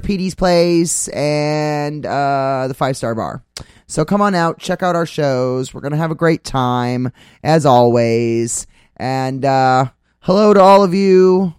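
A man's voice: on the high side, clear, resonant tone, no room sound, studio quality. A man hosting a casual talk radio show, rambling with many fillers as he reads out upcoming gig listings.

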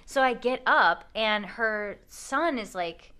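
A young adult woman telling a story in casual chat, animated, full of fillers, acting out the other people's voices. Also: on the high side, takes it slowly, clean tone. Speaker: podcast guest telling a story.

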